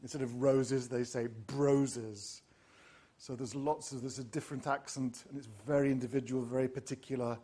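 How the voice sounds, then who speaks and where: A middle-aged man lecturing on classics to teachers, speaking in a discursive way with frequent ums and restarts. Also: medium pitch. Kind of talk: university lecture.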